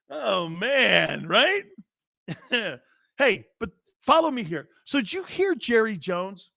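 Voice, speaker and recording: A man hosting a sports talk show in a brash, joking style, reading out chat and giving shout-outs. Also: sits high, big pitch swings, extremely slow, vocal fry, long pauses, dry recording, clean studio sound.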